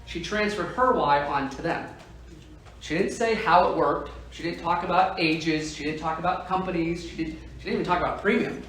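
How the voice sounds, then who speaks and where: A man with a slightly high, fairly bright voice gives a motivational sales training talk to insurance agents at a moderate pace. He's emphatic and keeps checking in with the audience by asking "right?" The room is echoey and he's heard from a distance.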